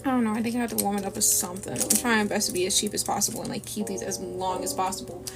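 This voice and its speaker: A woman's voice: medium pitch, little pitch movement, racing. Chatty woman drawing on stream. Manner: chatty, rambling, self-deprecating asides. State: sniffly from a runny nose. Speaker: art streamer. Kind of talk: casual chat while drawing. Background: lofi music.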